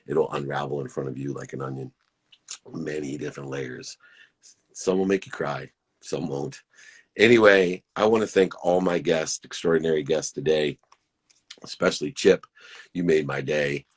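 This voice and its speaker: A man's voice: rumbling low, steady tone, moderate pace, slightly rough. A man hosting a live-stream motivational talk, earnest and emphatic, repeating his key phrases.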